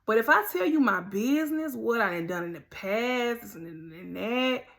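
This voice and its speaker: A woman's voice: on the high side, animated, normal speed, creaky, a bit bright. A woman hosting a faith podcast, talking straight to listeners in an emphatic, direct, preachy way. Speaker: podcast host. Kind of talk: casual motivational monologue.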